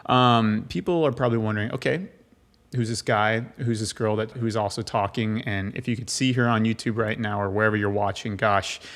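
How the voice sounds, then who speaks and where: A man's voice: on the low side, fairly even intonation, a little fast. Rambling, stammering man podcast host. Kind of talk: casual chat.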